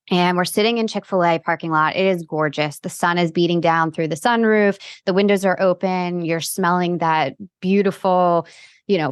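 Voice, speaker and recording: A woman's voice: on the low side, smooth, dry recording. A woman financial coach as a podcast guest, telling a personal story candidly and vividly, laughing easily.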